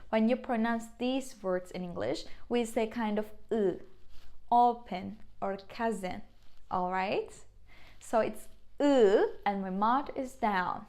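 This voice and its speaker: Slow, patient Turkish-accented woman teacher. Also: fairly high pitch, a little mellow. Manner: slow, patient, repeats sounds, exaggerated mouth demonstrations. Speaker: language teacher. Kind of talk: beginner language lesson.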